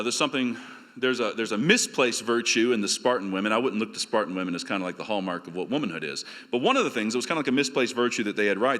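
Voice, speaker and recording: A male pastor from the South, preaching a conference sermon in a casual, conversational way that slows for scripture. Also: mid-range voice, pushed and bright. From American South. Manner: conversational, emphatic, slowing down for scripture readings. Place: church hall. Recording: long reverb of a church hall.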